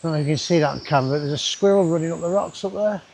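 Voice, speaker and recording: A travel vlogger talks very fast in a fairly high, gravelly, slightly mellow voice, with a little hiss or hum in the audio. Walking through a river gorge outdoors, he chats casually to his camera, rambling and making asides to himself.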